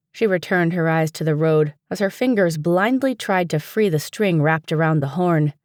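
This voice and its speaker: Give me a woman with a low voice narrating an audiobook steadily, dry and close. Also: moderate pace, few pauses, a little mellow, dry recording. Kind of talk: scripted narration.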